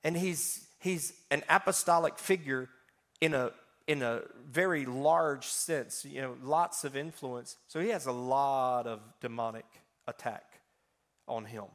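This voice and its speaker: A man preaching a sermon, telling funny personal stories with animated swings between loud and soft. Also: mid-range voice, unhurried. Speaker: pastor.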